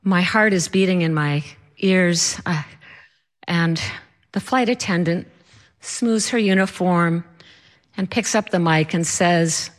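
Slow-spoken woman telling a wry story. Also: on the low side. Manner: wry, self-mocking. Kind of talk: personal storytelling.

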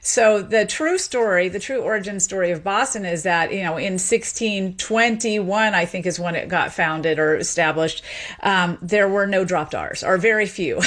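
A middle-aged woman from Memphis, a sociolinguist being interviewed, explaining in an animated way with small restarts. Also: medium pitch. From Memphis, Tennessee. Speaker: sociolinguist and professor, guest.

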